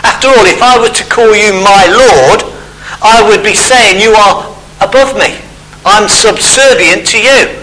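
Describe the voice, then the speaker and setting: A man's voice: sits high, a little slow, bright, forceful tone, slight background noise, poor audio. A man preaching a sermon, explaining step by step in a conversational way.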